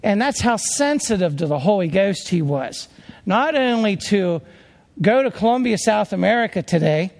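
Male pastor from Pennsylvania, storytelling sermon, gravelly voice, long church reverb. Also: high-pitched, lively intonation, moderate pace. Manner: earnest, conversational, with restarts.

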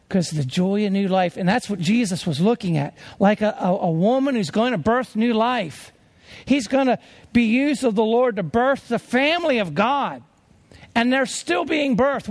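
A man preaching a sermon as a traveling preacher, earnest and emphatic as he tells stories. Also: extremely high pitch.

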